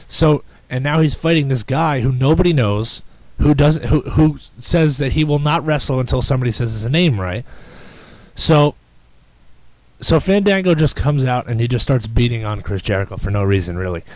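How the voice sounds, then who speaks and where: In a casual podcast chat, the male host rambles excitably and frequently restarts his sentences. He speaks at a moderate pace with an ordinary middle pitch, and the sound is dry and close without room echo.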